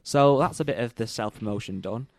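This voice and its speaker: A man's voice: medium pitch, brisk, dry recording, clean studio sound. A man co-hosting a golf podcast, chatting casually and plugging the show. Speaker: podcast co-host. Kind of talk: casual chat.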